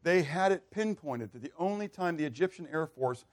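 A man preaching a sermon, animated, asking the congregation questions and answering them. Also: fairly high pitch, normal speed. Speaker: pastor.

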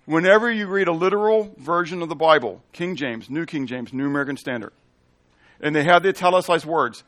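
A man teaching a Bible study as pastor, emphatic, asking the room questions and answering them himself, stretching out scripture quotes slowly and loudly. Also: fairly high pitch. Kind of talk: sermon with Bible reading.

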